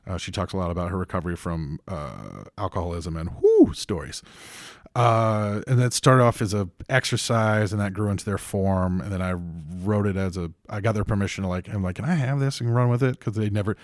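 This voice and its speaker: A man in a casual podcast interview, talking about improv as an animated storyteller. His voice sits fairly low but swings high when he acts out quotes. The sound is close and dry, with no room around it. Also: brisk, no room sound. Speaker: improv teacher and theater co-founder.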